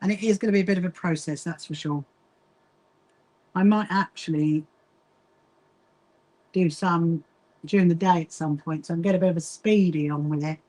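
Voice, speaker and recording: A woman's voice: on the low side, normal speed, pauses often, a little mellow. Chatty British woman hosting a sewing stream. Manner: chatty, reads viewer comments aloud, frequent "hang on" asides. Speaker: livestream host. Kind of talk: casual chat while sewing.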